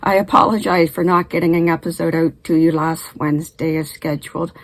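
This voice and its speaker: A woman's voice: low voice, level tone, brisk, poor audio. Slightly short-winded chatty woman. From Canada. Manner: friendly, chatty, occasional coughs and throat clearing. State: short of breath after illness. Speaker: knitting channel host. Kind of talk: casual vlog chat. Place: home.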